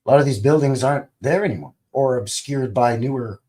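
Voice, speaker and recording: A medium-pitched, slightly mellow male voice moves along fairly quickly. The man hosts an easygoing, rambling live stream where he welcomes viewers, reads comments aloud and makes light, jokey remarks with a bit of swearing.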